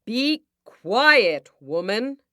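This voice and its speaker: A woman's voice: on the low side, sing-song, drawn-out words, clear, resonant tone, no echo, clean studio sound, pitched above the performer's own voice, full character voice. A woman doing the king's stern soldiers. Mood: commanding. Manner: curt, commanding. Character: stern male soldiers of the king.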